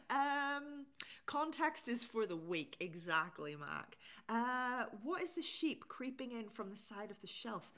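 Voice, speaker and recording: A woman's voice: medium pitch, a bit bright. A woman hosting a casual live stream, chatting and reading out viewer comments. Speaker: livestream host.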